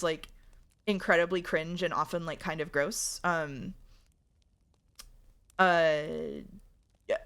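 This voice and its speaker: A woman's voice: fairly low pitch, a bit bright. A woman streamer giving casual, rambling, amused commentary while playing a visual novel. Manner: rambling, filler-heavy, amused.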